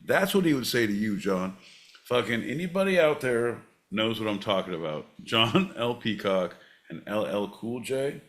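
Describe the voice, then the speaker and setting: A man's voice: lowish voice, animated, normal speed. A man hosting a podcast, announcing and joking in a profane, showman style. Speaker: podcast host. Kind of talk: rowdy comedic podcast banter.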